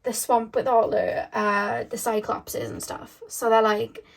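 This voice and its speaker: A woman tarot reader tells a spiritual story straight to camera. She rambles and circles back, stressing her points with lots of fillers. Her voice sits a little high. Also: level tone, measured pace, vocal fry, slight background noise.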